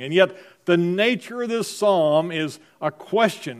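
A man's voice: high-pitched, moderate pace, a bit bright. A middle-aged man preaching a sermon as pastor, in a conversational style full of rhetorical questions to the congregation.

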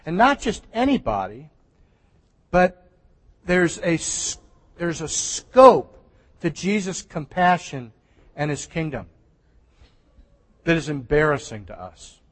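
A man's voice: fairly high pitch, very animated, slow pace, pauses often. Man preaching in a reverberant church. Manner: conversational preaching with restarts and soft laughs. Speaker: pastor. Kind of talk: sermon. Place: church sanctuary.

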